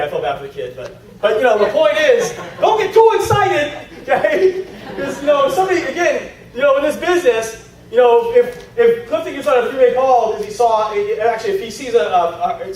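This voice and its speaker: A man giving an energetic, animated seminar talk to a room of people, acting out stories in voices. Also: extremely high pitch. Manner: animated storytelling with acted-out voices. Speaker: network marketing trainer. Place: large meeting room. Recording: echoey hall from far off.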